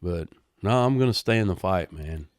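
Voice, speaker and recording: Laid-back older man, low voice. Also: expressive, normal speed, no echo, clean studio sound. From Texas. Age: 60s. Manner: laid-back, laughs often, says "man" and "dude". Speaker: guest, retired helicopter pilot. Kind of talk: casual interview storytelling.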